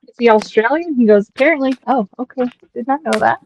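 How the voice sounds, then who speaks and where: A woman's voice: on the high side, brisk, a little mellow, a little hiss or hum, rough recording. A woman streamer chatting casually on a headset, rambling and full of fillers. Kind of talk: casual chat.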